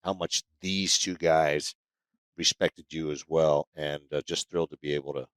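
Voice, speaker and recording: A very low male voice, close and dry, speaking as a podcast co-host. He is earnest and appreciative in casual chat. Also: steady tone, moderate pace, fairly bright tone, smooth, no echo. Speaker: co-host, former player.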